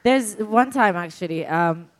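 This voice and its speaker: A woman casually telling an embarrassing story in a chat, animated and laughing often as she talks. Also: mid-range voice, a little slow.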